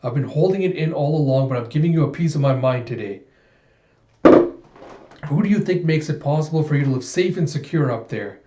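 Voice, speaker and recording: A man's voice: a little high, animated, moderate pace, reverberant, highs cut off, heavy background noise, lightly acted. A man voicing a stubborn, defiant young female cyborg fighter who speaks her mind. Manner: defiant, impassioned.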